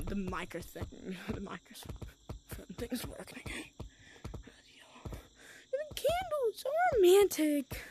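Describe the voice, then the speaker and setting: A woman's voice: on the high side, a little hiss or hum. A woman vlogging casually while playing a VR game, rambling and telling stories full of fillers through a headset mic. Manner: rambling, chatty storytelling with many fillers. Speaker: gaming vlogger. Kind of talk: casual gameplay chatter.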